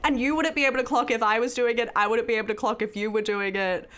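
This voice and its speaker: A young Australian woman co-hosting a podcast, telling stories in a casual, animated way and laughing often. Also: a little high, fast. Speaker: podcast co-host. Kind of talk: casual chat.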